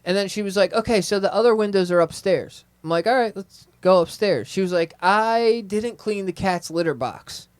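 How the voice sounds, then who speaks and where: A man's voice: high-pitched, moderate pace, hardly any pauses, smooth, no echo. A man on a podcast telling a funny story in casual chat, laughing and acting out what people said. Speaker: podcast host.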